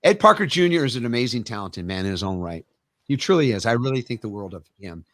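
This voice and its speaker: A man's voice: mid-range voice, quick pace, no echo. A middle-aged man, a karate master and interview guest, telling emphatic stories in a casual interview. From United States. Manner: animated, emphatic anecdotes.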